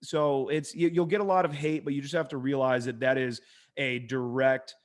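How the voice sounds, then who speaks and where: A man, a dating coach, talking casually on a podcast, an animated and profane storyteller who acts out quotes in a hushed voice. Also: medium pitch, normal speed. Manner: profane, emphatic.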